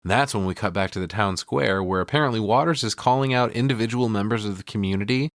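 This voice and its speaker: A low-voiced man talks fast while co-hosting a casual podcast, telling the story of a film with plenty of swearing. He brings it to life by acting out the characters' lines, and the clean studio sound has no room tone.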